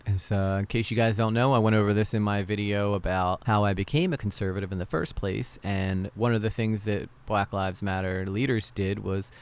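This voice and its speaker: A man's voice: lowish voice, normal speed, hardly any pauses, smooth. A man hosting a reaction video, talking casually over a debate clip with sarcastic, mocking asides.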